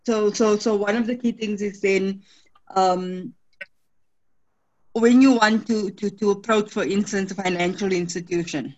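A woman speaks slowly and hesitantly on a coaching call. She asks her question with many fillers and restarts. Her tone is earnest and searching. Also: medium pitch, steady tone, darkish tone, lo-fi sound. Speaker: client asking a question.

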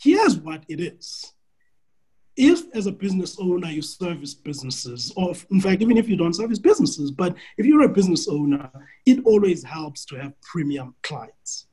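A husky, slightly higher-voiced man coaches a client on a call. He talks in an animated, story-driven way and often restarts his sentences. His tone stays friendly and persuasive. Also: a little fast, low-quality recording. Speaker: business coach. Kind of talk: coaching call answering a question.

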